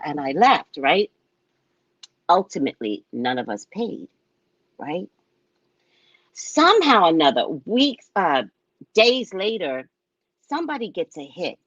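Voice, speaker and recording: A woman with a lowish voice tells a rambling anecdote as a show host, her pitch swinging widely as she acts out other people's lines. The sound is dry and a bit dull, like a lo-fi recording. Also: a bit bright, no room sound. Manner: frequent tag question "right?". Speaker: show host and psychic reader. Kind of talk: casual anecdote telling.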